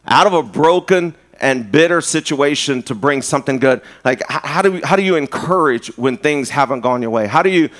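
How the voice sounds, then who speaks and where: Man preaching a lively sermon. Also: on the high side, brisk, hardly any pauses. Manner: conversational preaching with repeated words and rising emphasis. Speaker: pastor. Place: church.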